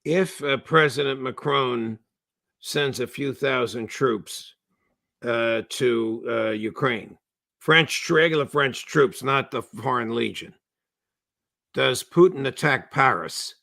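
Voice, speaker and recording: Male host asking probing questions, gravelly crisp voice, dry sound. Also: medium pitch, pushed and bright, no room sound. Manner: measured, probing questions with hesitations. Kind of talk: interview questions.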